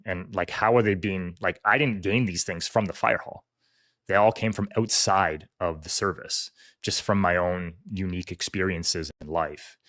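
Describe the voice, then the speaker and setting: Deep-voiced man, earnest and reflective. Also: dry recording, studio quality. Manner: earnest, reflective, trails off softly. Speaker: firefighter guest. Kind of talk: candid conversational storytelling.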